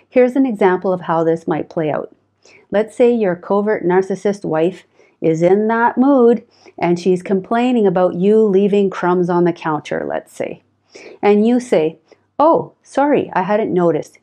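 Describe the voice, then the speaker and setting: A woman presenting relationship advice in a calm, measured, scripted monologue. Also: fairly low pitch.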